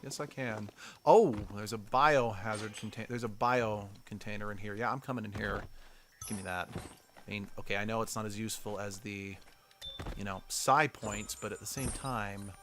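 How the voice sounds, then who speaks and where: A man's voice: fairly low pitch, fairly even intonation, normal speed, noisy background. A man streaming a video game, joking and irreverent as he comments on his play. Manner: joking, irreverent, self-mocking. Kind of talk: casual gameplay commentary.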